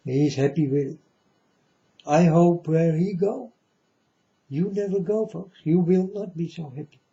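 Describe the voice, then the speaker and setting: A man giving a preachy monologue to his viewers, halting often and grandly addressing them as folks. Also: a little high, dark tone. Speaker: self-styled preacher vlogger. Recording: dull lo-fi recording.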